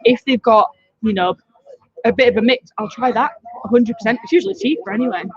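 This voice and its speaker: A woman's voice: fairly high pitch, quick pace, darkish tone, slightly rough, dry recording, dull audio. A woman with a Yorkshire accent, a bar manager chatting casually in a pub garden, rambling and laughing easily. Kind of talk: casual chat. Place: outdoor pub garden, off camera.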